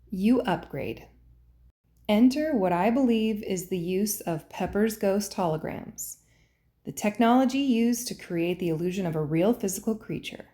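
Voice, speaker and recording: A woman narrates in an earnest, conspiratorial scripted tone. Her voice is mellow and warm, sitting at an ordinary pitch. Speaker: host and narrator.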